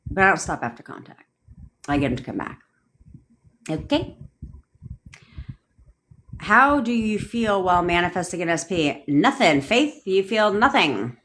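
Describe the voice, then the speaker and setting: A woman's voice: lowish voice, very animated, a little slow, pauses often, a bit bright, slight background noise. Blunt, profane woman ranting on a livestream. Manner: blunt, profane, rhetorical questions. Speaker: manifestation coach. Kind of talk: livestream rant answering viewer comments. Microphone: phone livestream.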